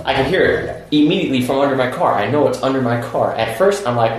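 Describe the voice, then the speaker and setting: A man's voice: medium pitch, fast talker. A man hosting a podcast, telling a long story to friends in a casual chat, laughing and acting out what people said. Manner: animated, laughing storyteller with acted-out quotes. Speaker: podcast host. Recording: echoey room with background noise.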